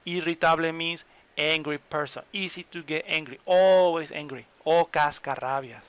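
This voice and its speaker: A man gives an online lesson in English. His voice is bright and a little high, and the sound is dry and close. He explains patiently, repeating examples and checking in with the listener. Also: fairly even intonation, normal speed, clean tone, no room sound. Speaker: Spanish teacher.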